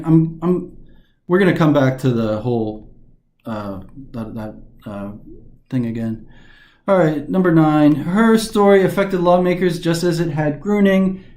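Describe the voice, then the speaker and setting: A man with a fairly high voice talks through test questions in a recorded lesson. He restarts his sentences often as he explains. The room around him rings with echo. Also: darkish tone. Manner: explanatory, frequent restarts and fillers. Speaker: test prep instructor.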